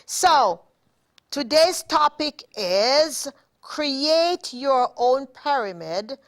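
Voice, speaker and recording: A woman with a Jamaican accent hosting a studio talk show, slowly and deliberately coaching viewers through a self-help exercise. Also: high voice, lively intonation. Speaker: show host. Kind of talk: motivational talk show monologue.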